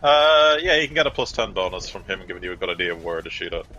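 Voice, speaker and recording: Game master: low-pitched man, bright and forceful tone, casual filler-heavy narration, faint noise. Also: sing-song, fast, dull audio.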